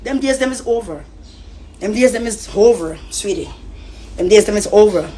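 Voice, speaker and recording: A woman's voice: medium pitch, lively intonation, normal speed, warm tone. A woman from Costa Rica with a Jamaican Patois accent, ranting heatedly and profanely on a live stream. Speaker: social media personality.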